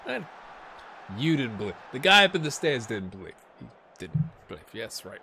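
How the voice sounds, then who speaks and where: A man's voice: medium pitch, big pitch swings, normal speed, sharp tone, slight background noise. A man hosting a let's-play video, chatting casually and joking to himself while he plays a football management game. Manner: chatty, self-mocking, jokes and muttered asides. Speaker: gaming channel host.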